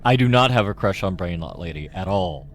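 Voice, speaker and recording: Male game streamer, young, lively swooping voice, low-pitched, profane tangents. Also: a little fast, a little hiss or hum. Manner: rambling, profane, trails off into tangents. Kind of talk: casual gameplay commentary.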